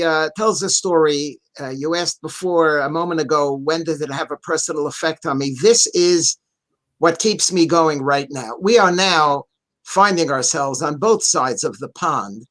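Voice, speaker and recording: An earnest male rabbi speaks over a video call, teaching a text with steady emphasis. He repeats his key points for weight, reads a phrase in Hebrew, and then translates it. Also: on the high side. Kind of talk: Torah talk in an online interview.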